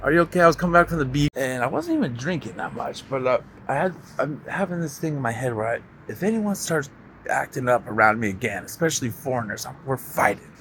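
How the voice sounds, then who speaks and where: A man's voice: mid-range voice, very animated, a little fast, fairly bright tone, slight background noise, rough recording. A man telling a long, candid personal story in a rambling vlog, swearing freely and acting out what people said. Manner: candid, profane, storytelling with reenacted quotes. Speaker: vlogger.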